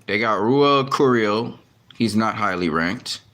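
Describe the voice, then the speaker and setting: A man's voice: lowish voice, unhurried, fairly bright tone. A man talking casually to his camera about boxing, often frustrated and swearing, with lots of restarts and fillers. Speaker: boxing commentary vlogger.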